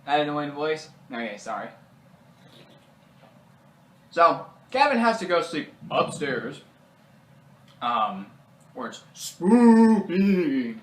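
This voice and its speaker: A man's voice: fairly high pitch, sing-song, takes it slowly, long pauses, bright, forceful tone. A man casually recapping a movie in a rambling way, full of fillers, now and then putting on character voices. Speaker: movie reviewer. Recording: roomy echo.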